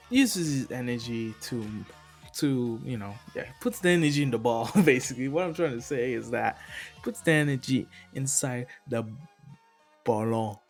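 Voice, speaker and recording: Slow, rambling man retelling a story. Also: mid-range voice. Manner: rambling, laughs at himself, self-correcting. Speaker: video creator. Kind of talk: casual retelling of a fan story.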